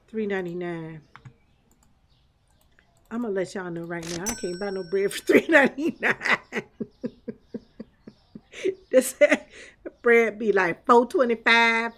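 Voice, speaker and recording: A woman's voice: mid-range voice, a bit bright. A woman streamer giving chatty live gameplay commentary, laughing often and talking back to chat and the game's customers.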